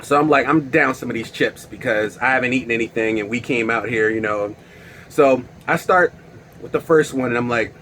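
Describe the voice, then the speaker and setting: A man's voice: mid-range voice, normal speed, a bit bright, a little hiss or hum. A man telling a personal story in a casual, slangy way, with lots of fillers and laughs. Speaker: storyteller vlogger.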